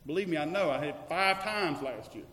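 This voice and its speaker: Male pastor, fairly high voice, sermon, long reverb, loud then hushed. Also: expressive, brisk. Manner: dynamic, swings from loud declarations to hushed questions. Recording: echoey hall with long reverb.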